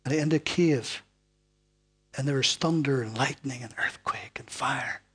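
A man preaching a sermon in a dramatic way, moving from loud, emphatic lines down to hushed, almost whispered ones. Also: mid-range voice, moderate pace, slightly rough.

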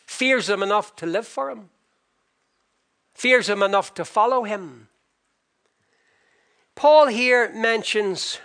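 An older man preaching a sermon with passion, slowing for emphasis and swinging between loud and soft. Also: high-pitched.

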